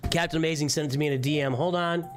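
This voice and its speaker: A man's voice: on the high side, fairly even intonation, rapid-fire, faint music behind. A man casually reviewing a viewer's game roster on a live stream, rambling and easily distracted. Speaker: gaming streamer.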